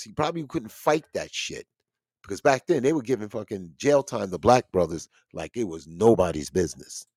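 A man's voice: medium pitch, darkish tone, no echo, studio quality. A middle-aged man hosting a show, telling a story in a casual, rambling monologue with blunt, profane street talk. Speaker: podcast host.

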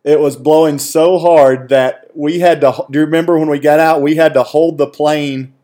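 A man joining in on a shared story in casual talk, calmly filling in details and chuckling now and then. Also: on the high side, normal speed.

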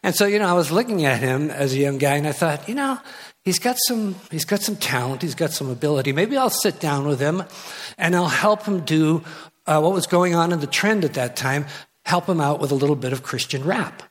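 A man's voice: fairly high pitch, expressive, fairly quick. An older man, a guest pastor, preaching a sermon from the pulpit of a church with teasing jokes and asides. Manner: jokey and teasing, with restarts and asides. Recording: long hall reverb in a church.

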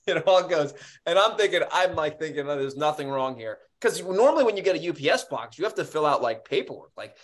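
A man co-hosting a podcast, telling stories in casual chat with animated, profane energy. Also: fairly high pitch, fast. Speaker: podcast co-host.

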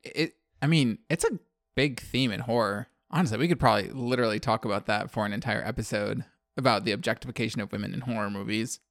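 A man's voice: on the low side, fast, fairly bright tone, no echo, studio quality. A man co-hosting a casual horror podcast, talking in a rambling way and often correcting himself mid-sentence. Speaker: podcast co-host.

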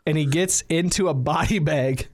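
Animated, joking man in casual banter. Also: on the high side, normal speed, gravelly. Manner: animated, jokey, acts out quotes. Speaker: podcast co-host.

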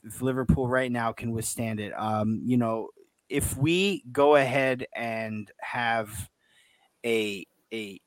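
A man hosting a sports podcast, talking in an excitable, rambling way with many restarts. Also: mid-range voice, no echo. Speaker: podcast host. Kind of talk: casual sports chat.

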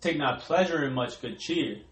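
A man reading scripture aloud in a steady, formal way. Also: a little high, normal speed. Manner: steady, formal reading of old-style verse. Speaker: scripture reader. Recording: echoey room, voice off-mic.

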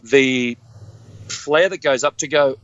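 On a muffled recording, a medium-pitched man speaks slowly. He's an earnest former police officer in his fifties, a guest telling candid stories from his life with animation and acting out each quoted voice.

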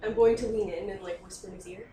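A woman playing in a tabletop role-playing game, talking in a rambling, quick, giggly way. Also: medium pitch, steady tone, dark tone. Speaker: player. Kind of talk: casual tabletop play. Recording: echoey room, distant mic, faint noise.

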